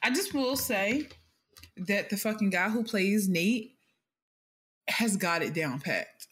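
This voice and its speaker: A woman's voice: mid-range voice, animated, slow pace, a bit bright. A young woman co-hosting a podcast, chatting bluntly about a TV show and swearing freely. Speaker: podcast co-host. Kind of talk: casual chat about a TV show. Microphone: podcast mic.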